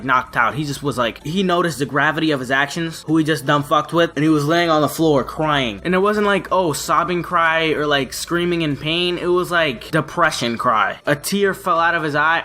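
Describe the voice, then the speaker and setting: A man's voice: fairly high pitch, bright, forceful tone. A young man telling a story on his vlog in a brash, profane way. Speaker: vlogger.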